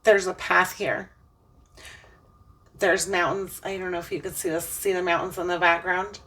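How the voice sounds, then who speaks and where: A woman's voice: fairly low pitch, flat delivery, moderate pace, fairly bright tone, distant mic. A woman giving an earnest, emotional spiritual tarot reading, preaching about faith as she turns the cards. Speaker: tarot reader.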